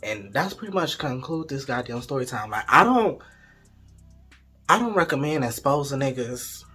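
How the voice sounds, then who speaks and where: A young man telling a storytime vlog story in an animated, profane, gossipy way. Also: medium pitch, moderate pace, slightly rough, soft background music. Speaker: vlogger.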